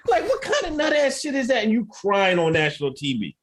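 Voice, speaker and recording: Co-host, male, higher-pitched voice that swoops all over, profane and animated. Rants more than he talks. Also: brisk. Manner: animated profane ranting, mocking. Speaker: podcast co-host. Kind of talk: casual podcast commentary.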